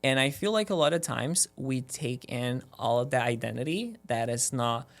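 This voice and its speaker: This esthetician, a man guesting on a laid-back podcast, sounds expressive at a moderate pace in a mid-range voice. He stays earnest and motivational, rambling along and leaning on "like" a lot.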